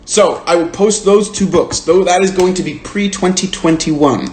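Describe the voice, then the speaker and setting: A man with a high-pitched, darkish voice at normal speed hosts a book club on a phone livestream. He's casual and earnest, rambling and saying "like" a lot, in a roomy recording with faint hiss.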